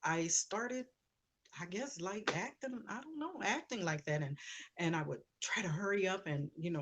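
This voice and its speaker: Heartfelt woman telling a personal story. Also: on the low side. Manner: heartfelt, conversational, searching for words. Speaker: author guest.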